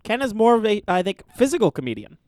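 A man with a high, clear and smooth voice that swings widely in pitch. He co-hosts a comedy podcast, chatting loosely, giggling and swearing. His mic sound is dry and close, with no room around it. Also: very animated, fast, a little mellow, no room sound. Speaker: podcast co-host. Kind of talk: casual comedic chat and reading a written story aloud.

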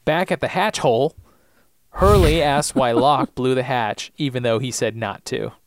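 A man's voice: medium pitch, normal speed, dry recording, clean studio sound. A man co-hosting a podcast, casually recapping TV episodes with a joking, playful manner. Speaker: podcast co-host.

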